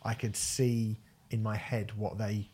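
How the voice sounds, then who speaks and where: A man's voice: on the low side, level tone, unhurried, a little mellow, breathy edge. A man co-hosting a podcast, chatting casually about albums with enthusiasm, swearing and restarting sentences. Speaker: podcast co-host. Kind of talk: casual music review chat.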